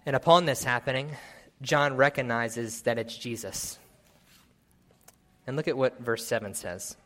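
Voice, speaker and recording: A man's voice: mid-range voice, measured pace, a bit bright. A man preaching a sermon, earnest and exhorting, reading scripture aloud. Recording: long hall reverb.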